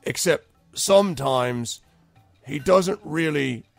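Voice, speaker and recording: A man voicing a wary male animal keeper from a camp, who asks slow, suspicious questions. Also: on the high side, lively intonation, vocal fry, no room sound, faint music behind, voice pushed up, full character voice. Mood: matter-of-fact.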